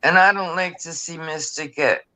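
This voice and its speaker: A man's voice: on the high side, moderate pace, bright, forceful tone, rough recording. A man chatting earnestly on a group video call, rambling with lots of fillers. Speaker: regular in a group live chat. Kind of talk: casual chat.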